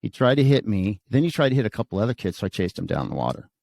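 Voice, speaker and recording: Animated storytelling man, dry sound. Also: fairly low pitch, rapid-fire, creaky, no room sound. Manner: animated storyteller, acts out quotes. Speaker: podcast host. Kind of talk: casual podcast chat.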